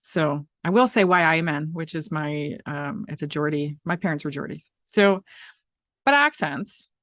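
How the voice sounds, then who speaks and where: A woman's voice: sits low, lively intonation, a little slow, a bit bright, no room sound, clean studio sound. A woman hosting a talk show, chatting casually and rambling with many restarts and fillers. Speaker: podcast host. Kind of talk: casual chat.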